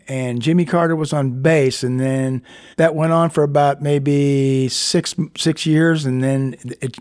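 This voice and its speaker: A man's voice: mid-range voice, darkish tone. Chatty Kentucky-raised male musician. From Lexington, Kentucky, USA. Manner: chatty storyteller, laughs often. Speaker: guest musician. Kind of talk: casual interview.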